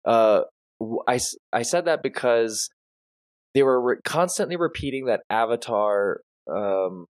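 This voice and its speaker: A man co-hosting a casual podcast, giving a hesitant, halting review with many fillers. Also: mid-range voice, expressive. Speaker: podcast co-host. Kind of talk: casual chat.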